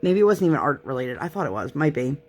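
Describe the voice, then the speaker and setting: A woman's voice: sits low, big pitch swings, quick pace, darkish tone. A young woman chatting casually on her crafting vlog, rambling and self-deprecating as she talks close to the mic. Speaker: crafting vlogger. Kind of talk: casual chat while crafting.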